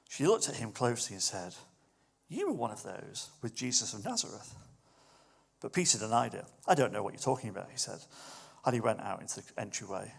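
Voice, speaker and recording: A man preaching a sermon in a relaxed, conversational way, turning lively when he acts out what others say. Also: mid-range voice, vocal fry. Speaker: pastor.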